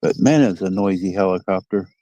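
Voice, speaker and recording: A man's voice: low voice, brisk, dark tone, dry recording, low-quality recording. A man with a Midwestern American accent chatting casually to his live-stream viewers while fishing outdoors by a dock, rambling and folksy, reading out comments. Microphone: phone.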